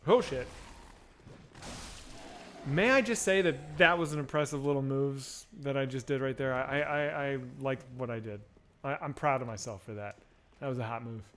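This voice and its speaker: A man's voice: mid-range voice, normal speed, a bit bright, a little hiss or hum. A man streaming a game, chatting casually to viewers in a loose, profane, rambling way with frequent restarts. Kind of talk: casual chat while gaming.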